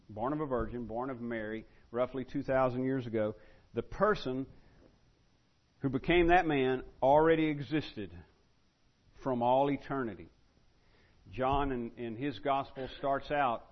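A man preaching a teaching sermon in a conversational way, with many restarts and fillers, slowing down to stress key words. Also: mid-range voice, highs cut off.

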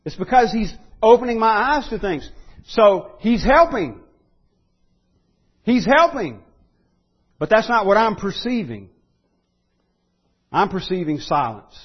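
A man preaching a sermon in an earnest way, rising to loud pleading when he voices quotes. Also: high-pitched, expressive, normal speed, pauses often, breathy edge, highs cut off. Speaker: pastor.

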